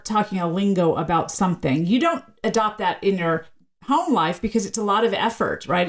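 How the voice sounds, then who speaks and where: Woman linguist guest, from the US South, articulate and lecture-like, mid-range voice. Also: medium pitch. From American South. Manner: articulate, lecture-like explanations with frequent "right?". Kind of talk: podcast interview, explaining.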